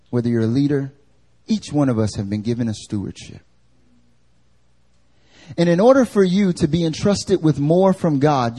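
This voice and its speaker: A man preaching a live church sermon, animated and conversational, acting out everyday voices. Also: medium pitch. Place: church service.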